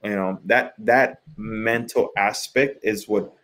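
A man in his thirties with a somewhat low voice talks baseball casually on a podcast. He rambles, doubling back on words as he works out his point, like a former pitcher swapping stories. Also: fairly even intonation, takes it slowly, a bit bright. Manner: rambling, repeats words while thinking. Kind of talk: casual sports chat.

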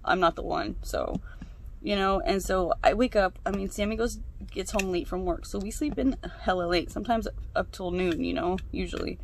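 Ranting young woman, gravelly voice. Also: medium pitch, moderate pace, slight background noise. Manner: ranting, swears freely. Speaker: craft vlogger. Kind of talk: casual chat while crafting.

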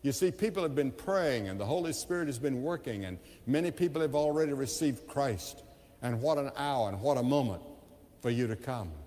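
A male evangelist preaches a sermon at a large evening crusade, his expressive medium-pitched voice moving at a moderate pace. He tells the story with impassioned rises and hushed drops, and the venue adds long reverb.

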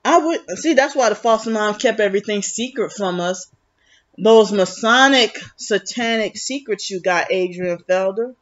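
A woman's voice: mid-range voice, moderate pace. A woman vlogging in a rambling, agitated, accusatory monologue, full of restarts. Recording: muffled lo-fi recording.

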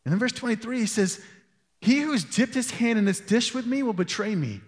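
A man's voice: very high voice, lively intonation, fairly quick, in a large hall. A man preaching a sermon as pastor, telling stories in a loose, conversational way. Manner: conversational storytelling with asides. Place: church hall.

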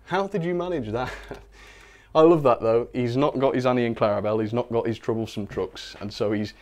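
A man's voice: medium pitch, a little fast, a little mellow. A young man hosting a livestream in a casual, chatty way, laughing often and talking to his viewers. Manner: chatty, giggly, self-mocking, reads chat aloud. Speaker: host of a model railway livestream.

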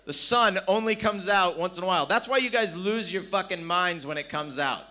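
A man's voice: sits high, normal speed, bright, forceful tone. A man from San Diego, performing brash, profane stand-up with crowd work at a live comedy venue. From San Diego, California.

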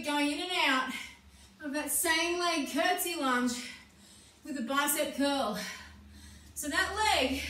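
A high, bright-voiced woman coaching a live workout class, cheering and whooping as she moves. She is out of breath from the exercise. Her voice echoes in a very roomy space, picked up from a distance. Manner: energetic, cheering, whooping encouragement. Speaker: fitness instructor. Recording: echoey room, mic at a distance.

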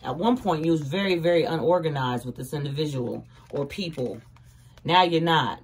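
A woman's voice: low-pitched, moderate pace. A woman giving a casual tarot reading to her viewers, chatty and slangy, breaking into sing-song exclamations. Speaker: tarot card reader. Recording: distant mic with clear background noise.

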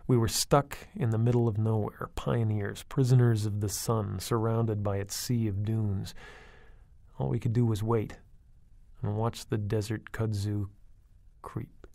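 A man with a gravelly voice narrates a creepy first-person story, wry and conversational. The recording is close and dry, with no room around it. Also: lowish voice, little pitch movement, unhurried, dark tone, no room sound. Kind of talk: audiobook reading of a horror story.

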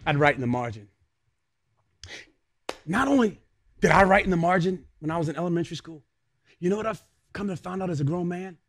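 A young adult male pastor preaching a sermon, swinging between hushed words and shouted peaks. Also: high voice, expressive, fairly quick, long pauses.

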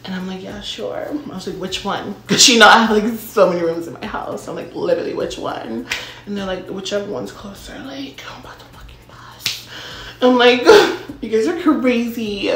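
A woman's voice: mid-range voice, moderate pace, a bit bright, a little hiss or hum. Chatty young woman in a roomy space. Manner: chatty, heavy filler words, dramatic asides. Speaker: vlogger telling a story. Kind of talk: casual storytime monologue. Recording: roomy echo.

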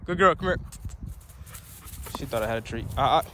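A man's voice: mid-range voice, animated, brisk, bright, forceful tone, a little hiss or hum. A man talking casually on a dog walk, rambling with lots of fillers and breaking off to give his dog commands. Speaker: dog owner vlogger. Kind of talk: casual vlog chat.

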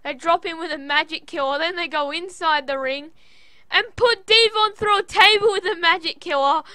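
An Australian woman rattles through a wrestling recap in a high, bright voice. She rambles, curses freely and keeps breaking into loud outbursts. The sound is close and dry, with no room around it. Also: normal speed, dry recording. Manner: excitable, rambling, cursing, with sudden loud outbursts. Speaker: wrestling show reviewer. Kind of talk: casual recap commentary.

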